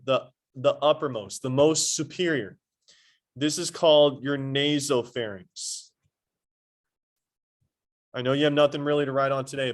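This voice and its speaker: A man teaching a high school anatomy lesson in a classroom, quizzing his students and adding playful asides. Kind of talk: classroom lecture.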